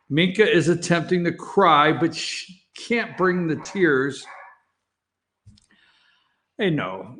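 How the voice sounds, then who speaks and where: A man's voice: a little high, fairly bright tone. Sarcastic man with a raised voice. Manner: sarcastic, blunt, chuckling, self-mocking asides. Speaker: talk show host. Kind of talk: opinionated morning commentary. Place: office studio. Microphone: facing a camera.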